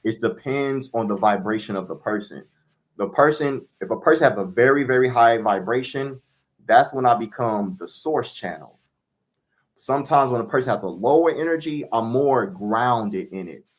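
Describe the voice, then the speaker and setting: A man, a spiritual reader, answering interview questions in a calm, declarative teaching manner. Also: mid-range voice, moderate pace.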